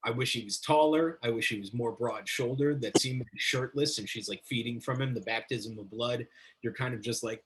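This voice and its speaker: Chatty, swearing male guest, mid-pitched voice, runs on with excitement. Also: moderate pace. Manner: rambling, enthusiastic, swears freely. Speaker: guest, metal journalist. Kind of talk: casual interview talk.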